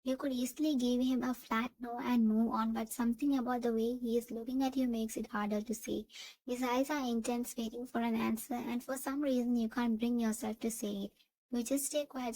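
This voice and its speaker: A woman reading second-person fan fiction narration in an even, steady way. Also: a little high, fairly quick, low-quality recording.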